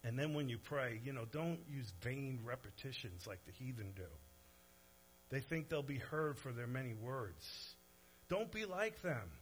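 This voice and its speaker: A male pastor preaching in a mid-pitched voice, animated and shifting between hushed and forceful passages. He drops into casual asides to his congregation. A faint hum runs underneath. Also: unhurried, rough recording. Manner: animated preaching, swinging from soft to loud; conversational asides to the audience. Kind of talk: sermon.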